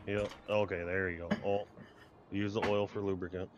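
Low-voiced man teasing over game chat. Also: little pitch movement, normal speed, dull audio, a little hiss or hum. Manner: teasing, crude humor. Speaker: co-player.

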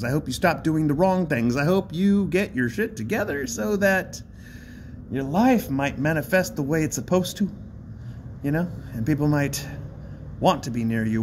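A man's voice: medium pitch, darkish tone, slight background noise. A man rambling in a casual vlog, chatty and self-mocking, often breaking into laughter. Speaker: vlogger. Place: outdoors by a bridge.

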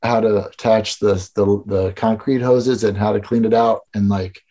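A man's voice: fairly low pitch, steady tone, normal speed, warm tone. A man from Illinois, a podcast guest and skatepark builder, telling stories in rambling, profane casual chat full of filler words. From Illinois, USA.

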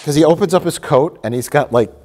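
A man's voice: on the high side, fast, a little hiss or hum. A middle-aged man in casual film discussion, telling a joke scene with lots of energy and acting bits out. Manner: animated storyteller who acts out scenes. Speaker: co-host reviewing films.

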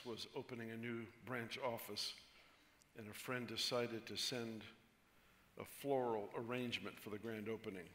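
A male pastor speaking at a conference, telling jokes in a relaxed, chuckling way before preaching. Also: mid-range voice. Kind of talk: sermon with told jokes. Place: large conference hall. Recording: echoey hall, faint noise.

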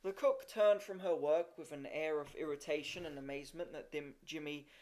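A man's voice: on the high side, normal speed, a little mellow. A man reading a story aloud, with occasional slips and restarts. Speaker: reader. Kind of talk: amateur audiobook reading.

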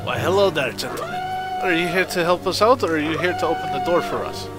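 A man's voice: high-pitched, huge pitch swings, fast talker, loud music behind the voice. A man putting on a modulated robotic voice for a figure in a tabletop game. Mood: mock polite.

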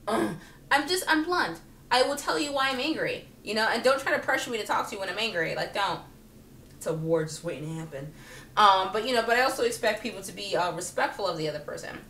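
A chatty woman vlogs in a lively, comic monologue, her voice bright and somewhat high, full of fillers and easy laughter. She sits back from the mic, so her voice carries an echo from the room. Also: slight background noise. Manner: chatty and animated, many fillers, frequent laughter. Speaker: vlogger. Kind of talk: casual comedic monologue to camera. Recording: roomy echo, speaking from a distance.

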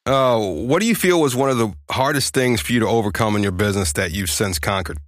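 Male podcast host, easygoing and chuckling, lowish voice, dry close sound. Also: quick pace, no echo. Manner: relaxed, chuckling interviewer. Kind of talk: casual interview.

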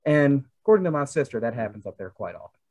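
A chatty young man from the American South co-hosts a podcast, speaking very animatedly and fast with a Southern American accent. His medium-pitched voice is a little mellow, and his casual talk rambles along with plenty of fillers.

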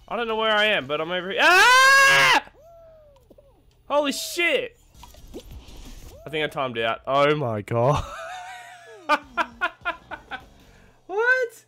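A gamer giving let's-play commentary who yelps and shouts at the game, swears and mocks their own skill. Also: mid-range voice, lively intonation, moderate pace, long pauses, soft background music.

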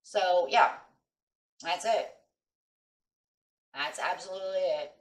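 Her voice low and slow, a middle-aged woman gives an emphatic, chatty tarot reading to her viewers, checking in with "right?" again and again. She's captured from a distance, off-mic in a room with echo.

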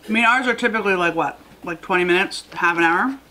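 A woman's voice: fairly low pitch, fast, sharp tone, poor audio. A woman hosting a casual eating vlog, just woken up and chatting in a rambling way with fillers, filmed at home. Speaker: mukbang host. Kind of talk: casual chat to camera while eating. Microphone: camera mic.

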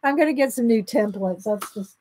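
This artist's voice sits on the high side, brisk and a little mellow, with lively intonation. She chats casually to her livestream viewers, musing aloud while drawing at home in her art room. There's a bit of hiss or hum on a rough recording.

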